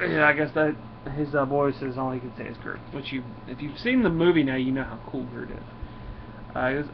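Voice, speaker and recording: A man's voice: medium pitch, steady tone, a little fast, a little hiss or hum. Rambling man reviewing comics, lo-fi. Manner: rambling, many fillers, reads comic dialogue aloud. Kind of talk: casual comic review vlog. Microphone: camera mic.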